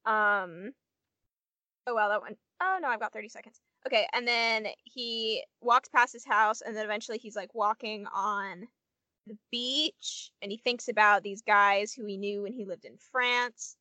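A woman's voice: medium pitch, fairly even intonation, a little slow, pushed and bright, no room sound. A young woman co-hosting a podcast, rambling in casual chat with lots of "like" fillers. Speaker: podcast co-host.

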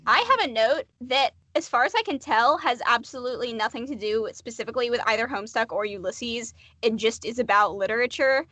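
A woman co-hosting a podcast, chatting casually and drifting into quick tangents. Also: on the high side, fairly bright tone, dry recording. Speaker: podcast co-host. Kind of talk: casual chat.

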